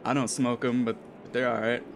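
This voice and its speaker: A man's voice: medium pitch, little pitch movement, moderate pace, background noise. A man commentating a live sim racing stream, joking around, laughing often and stumbling over names. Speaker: race commentator.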